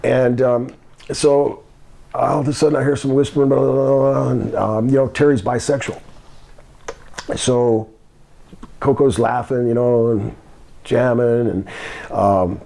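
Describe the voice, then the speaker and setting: A man's voice: mid-range voice, steady tone, unhurried, gravelly, pauses often, warm tone. A man in his sixties, a former wrestler, telling a long story in an interview, rambling with fillers and restarts. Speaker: guest, former pro wrestler.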